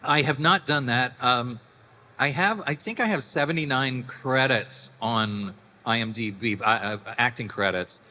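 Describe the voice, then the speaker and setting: Lively middle-aged man in an echoing hall. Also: medium pitch, measured pace. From Canada. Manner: animated, laughs, acts out voices in anecdotes. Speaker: convention panel guest. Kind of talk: casual storytelling to an audience. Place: large convention hall. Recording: reverberant hall with faint noise.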